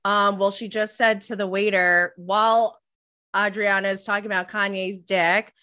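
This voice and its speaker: A woman's voice: mid-range voice, flat delivery, normal speed, sharp tone. A woman hosting a podcast in casual chat, gushing and enthusiastic with frequent giggles. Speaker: podcast host.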